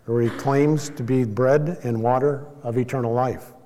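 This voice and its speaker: A man giving a sermon as a Bible teacher, explaining in a measured way and now and then correcting himself. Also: mid-range voice, steady tone, dark tone, big-room sound.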